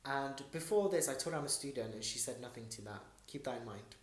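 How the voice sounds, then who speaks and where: A man's voice: mid-range voice, fast. A young man in a casual storytelling vlog, animatedly recounting events and quoting people. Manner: animated, quotes people in dialogue. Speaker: vlogger. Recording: roomy with background music.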